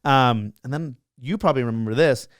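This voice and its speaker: A young man rattles through his stories at a rapid clip, piling up fillers and restarts. His voice sits at an ordinary pitch. The sound is dry and close. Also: no echo. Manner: fast, excitable, full of fillers and restarts. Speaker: guest, social media creator. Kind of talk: casual interview storytelling.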